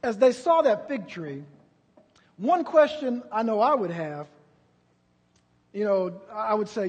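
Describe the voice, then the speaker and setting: A pastor preaching a sermon, moving from quiet storytelling to loud, drawn-out preaching. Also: male voice, high voice, lively intonation, slightly rough, in a large hall.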